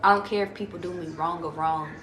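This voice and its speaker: A woman's voice: lowish voice, steady tone, quick pace, roomy sound, noisy background. A woman giving a casual tarot reading to her viewers. She talks in a slangy, profane, chatty way and calls them y'all. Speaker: tarot reader.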